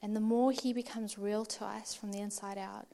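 An earnest woman preacher with a voice that sits at an everyday middle pitch. She delivers her message conversationally, talking to listeners as friends. At times her words drop soft and hushed. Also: steady tone, moderate pace, creaky, slight background noise. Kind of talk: conversational sermon.

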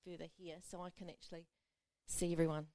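A woman's voice: lowish voice, flat delivery, quick pace, warm tone, no room sound. A woman pastor preaching a sermon, telling a self-mocking personal story with frequent laughter.

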